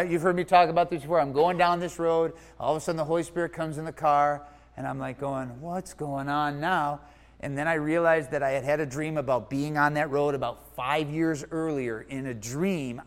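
A man telling his story in a sermon, acting out his own thoughts and swinging from loud to hushed. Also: on the high side. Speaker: preacher. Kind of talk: sermon testimony.

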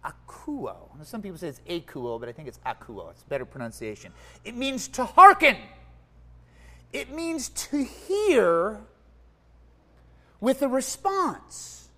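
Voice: mid-range voice, measured pace, long pauses. A preacher giving a conversational sermon, explaining word meanings and asking the listeners questions. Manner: animated and conversational, swinging from quiet asides to emphatic exclaims; teaches word meanings and asks the audience questions.

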